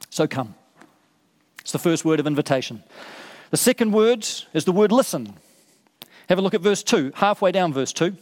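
Male pastor, sermon delivery, earnest and repetitive for emphasis, somewhat high pitch, reverberant hall. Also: a little mellow. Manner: earnest, repeats words for emphasis.

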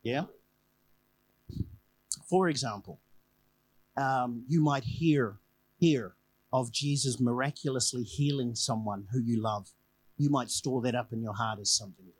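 A man's voice: medium pitch, unhurried, pauses often, slightly rough, low-quality recording. A man preaching a conversational evening sermon, telling a personal story and repeating key phrases for emphasis.

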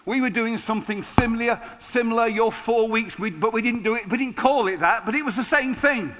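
Bright-voiced man in his sixties preaching. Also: very high-pitched, a little fast. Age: 60s. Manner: lively, conversational preaching with humor. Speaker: pastor. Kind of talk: sermon. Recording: long hall reverb.

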